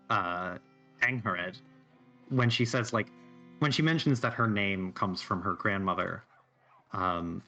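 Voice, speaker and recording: Bright-voiced man running a tabletop game. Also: lowish voice. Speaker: game master.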